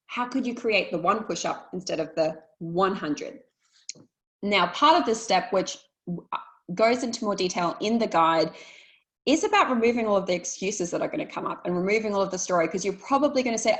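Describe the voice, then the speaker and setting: A woman's voice: mid-range voice, a little fast, low-quality recording. A woman, a life coach hosting a webinar on a video call, talking casually and encouragingly to her audience and acting out little dialogues. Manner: chatty and encouraging, acts out quoted dialogue.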